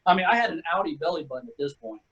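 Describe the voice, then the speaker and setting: A man's voice: a little high, expressive, rapid-fire, fairly bright tone, breathy edge, lo-fi sound. A middle-aged man, a retired Army sergeant, telling war stories in a laid-back, casual way and calling people "man" and "dude". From Texas. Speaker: retired Army sergeant first class, guest. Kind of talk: casual storytelling.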